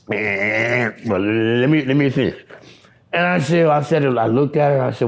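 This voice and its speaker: A man being interviewed, telling a personal story in a halting, repetitive, profane way, with stammering restarts. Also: mid-range voice, creaky.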